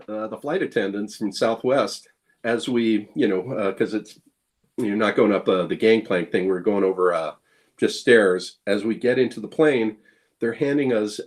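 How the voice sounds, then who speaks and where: A man's voice: on the low side, normal speed, a little mellow. A man, a guest blacksmith, telling casual anecdotes full of fillers and restarts, acting out quoted lines. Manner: playful, acts out quoted lines. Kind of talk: casual storytelling chat.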